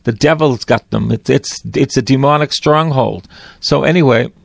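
A man's voice: medium pitch, normal speed, gravelly, no room sound, clean studio sound. A man, a priest, preaching on a broadcast in a fervent, pleading way, repeating his phrases.

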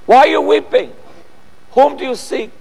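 A male preacher voicing a calm, tender risen man, speaking gently during a sermon. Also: very high voice, moderate pace, gravelly, breathy edge, voice pushed up, exaggerated voice. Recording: long echoey hall.

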